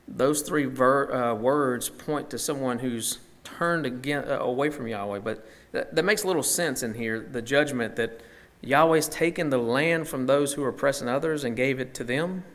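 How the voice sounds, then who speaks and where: A man's voice: medium pitch, fairly bright tone. A man leading a Bible study, teaching conversationally and thinking aloud with frequent fillers and restarts.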